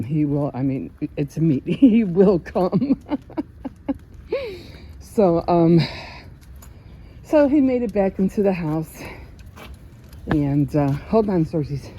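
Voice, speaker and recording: An older woman chats casually on her home vlog, rambling through a story with lots of laughs and little restarts. Her voice sits low and mellow, with a soft husky edge. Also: animated, slow, long pauses. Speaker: vlogger. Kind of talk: casual chat.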